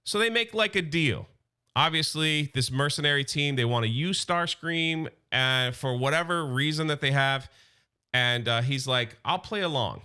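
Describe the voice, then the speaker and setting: A man hosting a casual comic book recap, chatty and animated, talking straight to his fans. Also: fairly high pitch, moderate pace, smooth.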